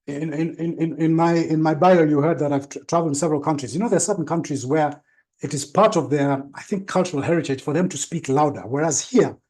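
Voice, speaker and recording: A man giving a live seminar talk as a branding trainer, with a trained, deliberate delivery that varies tone and stresses certain words. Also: fairly high pitch, dark tone.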